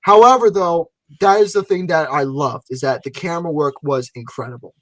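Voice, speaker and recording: A man co-hosting a casual podcast chat, excitable and prone to swearing, acting out reactions. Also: fairly high pitch, fairly quick, dry recording. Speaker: podcast co-host.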